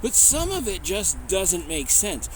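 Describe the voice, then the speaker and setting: A man's voice: sits high, big pitch swings, measured pace, noisy background. A man hosting a comedy show, delivering an irritated, sarcastic scripted rant. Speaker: comedy show host in bear costume.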